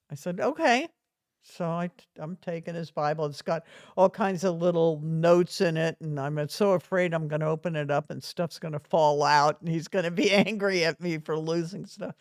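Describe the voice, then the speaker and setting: A woman's voice: low-pitched, darkish tone, no echo, clean studio sound. A woman guest, a retired reverend, telling personal stories earnestly with small chuckles. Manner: earnest, chuckles through anecdotes. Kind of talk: storytelling in conversation.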